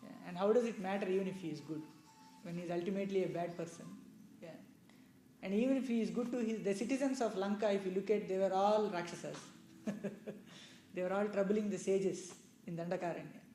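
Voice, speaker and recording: A religious storyteller with a mellow, soft-edged, high-pitched male voice explains old scripture in an easygoing, unhurried way, with many "you know" asides. It's a conversational discourse with questions, recorded in an echoey indoor room with a faint hum underneath.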